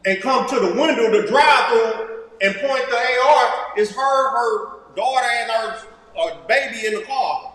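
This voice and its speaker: A man in a study group retelling a news story with excitement. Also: very high-pitched, measured pace. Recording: very echoey hall with long reverb.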